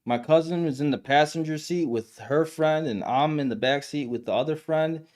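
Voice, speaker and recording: A man's voice: a little high, moderate pace, darkish tone. A young man hosting a live stream podcast, telling stories and chatting casually with slang and fillers. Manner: loose storytelling, lots of slang and fillers.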